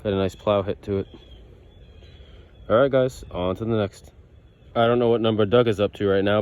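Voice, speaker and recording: A man with a New York accent, narrating his metal detecting finds outdoors in casual, chatty vlog style and getting excitable. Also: on the low side, normal speed, pauses often, clear, resonant tone, highs cut off. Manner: excitable, chatty, stumbles over words when thrilled. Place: outdoors in thick brush.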